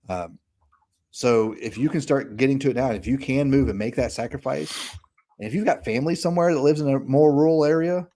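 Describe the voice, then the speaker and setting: A middle-aged Kentucky man with a Southern accent and a mellow, medium-pitched voice co-hosts a podcast. His casual political chat is folksy and earnest, with restarts and tag questions.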